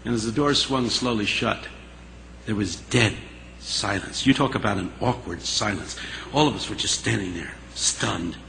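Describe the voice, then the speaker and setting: A man telling a story in a sermon, animated and dramatic, dropping into a hush at the tense moments. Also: fairly low pitch, normal speed, gravelly, slight background noise, rough recording. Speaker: speaker.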